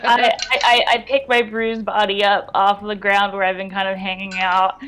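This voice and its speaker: A woman playing a tabletop game, stammering and excitable as she describes her character's actions. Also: moderate pace, a little hiss or hum. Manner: excitable, stammering, breaks into high squeals in character. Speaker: player. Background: faint background music.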